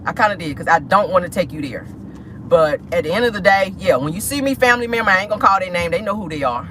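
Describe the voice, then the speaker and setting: Woman vlogger, loud and expressive pitch, sassy live chat from her car, clear road noise. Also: fast, rough recording. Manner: animated, sassy, dramatic, talks straight to viewers. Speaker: vlog host. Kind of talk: casual live-stream chat. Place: parked car.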